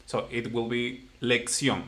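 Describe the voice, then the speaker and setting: A Spanish teacher, a native Spanish speaker with an animated, mid-range, somewhat bright voice at normal speed, gives a casual one-on-one language lesson. He is patient and encouraging, repeating his praise.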